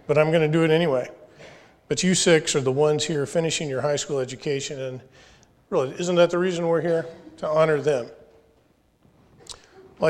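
A man in his forties gives a graduation address in an earnest, folksy manner, teasing the graduates now and then. His voice sits a little high for a man. The sound rings with the long reverb of a large hall. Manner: earnest, folksy, jokes with the audience. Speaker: graduation speaker. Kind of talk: commencement address. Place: school or church hall.

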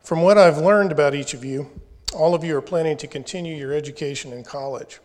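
A man's voice: fairly high pitch, brisk, darkish tone, big-room sound. A man in his forties giving a commencement address in a folksy, earnest way, joking with the graduates. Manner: earnest, folksy, jokes with the audience. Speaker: graduation speaker. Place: school or church hall.

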